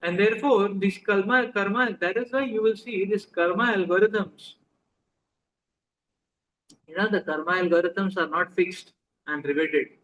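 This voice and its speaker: A man with an Indian accent and a high voice delivers a relaxed, talkative sermon. He keeps checking in with his listeners through questions and drops Hindi phrases into his English. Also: a little slow, pauses often, low-quality recording. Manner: conversational, asks the audience questions, mixes in Hindi. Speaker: spiritual teacher. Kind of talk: sermon to a live audience.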